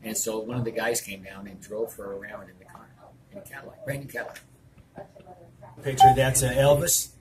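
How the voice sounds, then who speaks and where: A man's voice: on the low side, steady tone, a little fast. An older man who runs a restaurant, telling anecdotes to an interviewer in a rambling way, full of fillers. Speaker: restaurant owner. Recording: noisy room ambience.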